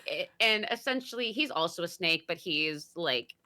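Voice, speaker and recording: A young woman in casual podcast chat, her voice bright and lively as it swings up and down. She is animated and laughs easily, often pausing to hunt for the right word. Her voice sits a little low for a woman. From Italian-American heritage. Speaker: guest host.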